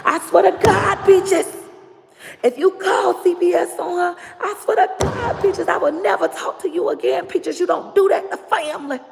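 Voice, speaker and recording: A woman voicing an angry older grandmother who scolds with shrill, cursing threats. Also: moderate pace, gravelly, a little mellow, a little hiss or hum. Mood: furious. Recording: long reverb.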